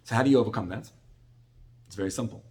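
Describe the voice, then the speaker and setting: A man's voice: lowish voice, fast talker, darkish tone, slight background noise. Man giving a chatty Torah talk. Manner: conversational, repetitive restarts, acts out salesman dialogue. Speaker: rabbi. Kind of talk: sermon-style Torah class.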